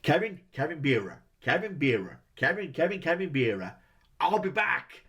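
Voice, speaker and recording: Brief: man putting on a high, flustered, dim-witted burglar voice, shouting with stammering repeats. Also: big pitch swings, normal speed, slightly rough, exaggerated voice.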